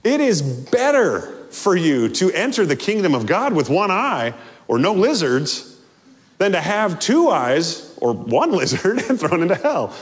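Male pastor, sermon, fairly high voice, very lively pitch, long hall reverb, church sanctuary. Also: unhurried. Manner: animated, playful, acts out scenes.

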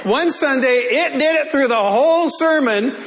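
A male pastor preaching a sermon in church, telling a story in a lively way and laughing often. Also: very high voice, moderate pace, long reverb tail. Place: church sanctuary.

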